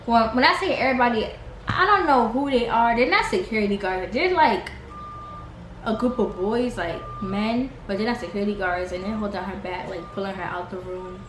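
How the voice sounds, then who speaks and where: A young woman casually recapping a reality show episode, chatty and full of "like", sometimes mimicking the cast in a higher voice. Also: normal speed. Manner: chatty, heavy use of "like", mimics cast members in higher pitch. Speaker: reality TV reviewer. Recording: echoey room with faint noise.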